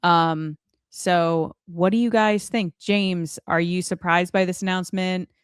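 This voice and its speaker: A woman runs a casual podcast conversation, steering the topics and adding quick asides. Her voice sits on the low side. The sound is dry and close, with no room around it. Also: steady tone, clean tone, dry recording. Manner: chatty, leads the discussion with asides. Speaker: podcast host.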